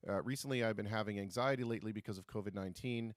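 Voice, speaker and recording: A man hosts a live stream, chatting casually and often restarting his sentences as he goes. His voice sits fairly low. The sound is dry and close, with no room around it. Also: dry recording. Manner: chatty, halting, repeats words when starting. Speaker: host of a live stream show.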